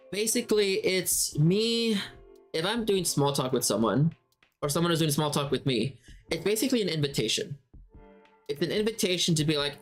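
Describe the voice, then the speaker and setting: A man giving a casual spoken lesson on running tabletop games, talking conversationally, thinking aloud and rephrasing as he goes. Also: fairly high pitch. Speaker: game master teacher.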